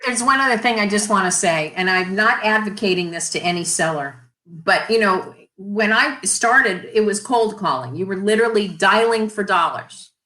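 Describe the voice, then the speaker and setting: Woman, interview guest, animated storyteller, bright forceful voice, echoey room. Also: medium pitch, moderate pace, hardly any pauses. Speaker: guest, radio industry executive. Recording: roomy echo.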